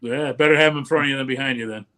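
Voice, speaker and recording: A man's voice: medium pitch, steady tone, pushed and bright. A man chatting casually on a live stream, telling stories and talking cars. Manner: fast storyteller, car talk.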